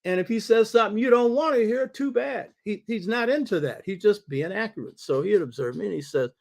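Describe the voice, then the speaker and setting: A man's voice: sits high, expressive, fairly quick, vocal fry, darkish tone. Emphatic older man hosting from his study. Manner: emphatic, repeats key phrases for stress. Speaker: show host. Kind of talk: monologue lecture on a talk show. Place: home study.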